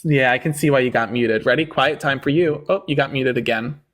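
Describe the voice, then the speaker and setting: A man's voice: mid-range voice, a little fast, a bit bright. A man hosting a livestream debate, sarcastic and mocking as he talks down to callers.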